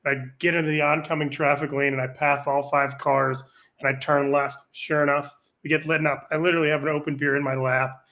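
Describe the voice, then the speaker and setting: A man's voice: fairly high pitch, flat delivery, a little fast, pushed and bright. Rambling male storyteller on a podcast. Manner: rambling anecdotal storyteller, frequent profanity. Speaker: podcast guest. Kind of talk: casual podcast chat, storytelling.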